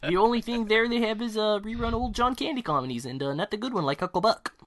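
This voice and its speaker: A man's voice: sits high, fast talker, fairly bright tone, dry recording. A man co-hosting a podcast in casual chat, joking and riffing on silly bits. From United States. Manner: jokey, riffs on bits and funny voices. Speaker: podcast co-host.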